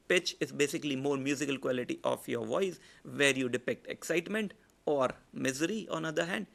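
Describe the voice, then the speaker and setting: A man with an Indian English accent, a public speaking trainer giving a lecture and demonstrating shifts in volume, pitch and pace. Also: vocal fry. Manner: demonstrates loud, soft, fast and slow delivery. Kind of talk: online lecture.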